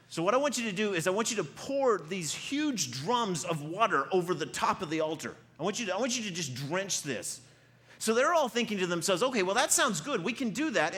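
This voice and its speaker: A male pastor preaching a sermon, retelling a story with lively acted-out quotes and frequent repeated words. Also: on the high side. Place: church.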